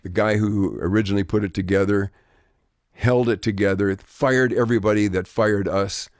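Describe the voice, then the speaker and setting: A man's voice: fairly low pitch, fairly even intonation, moderate pace, no room sound, clean studio sound. An older man, a guest, telling rambling anecdotes in a conversational, wry way. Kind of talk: anecdotal storytelling.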